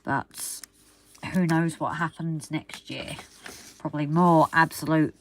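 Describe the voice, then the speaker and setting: Woman, low voice, casual chatty vlog, faint background hiss. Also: steady tone, slow. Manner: chatty, teasing. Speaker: model railway vlogger. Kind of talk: casual chat while building.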